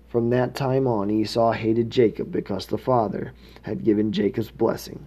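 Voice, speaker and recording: Man with a mellow voice reading scripture aloud. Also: fairly low pitch, moderate pace, few pauses. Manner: steady reading with occasional slips and self-corrections. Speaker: scripture reader.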